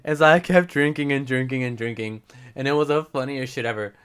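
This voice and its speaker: A man's voice: mid-range voice, brisk, fairly bright tone, smooth. A young man telling a rambling, profane story to the camera as a casual vlog, switching between English and Spanish. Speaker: vlogger.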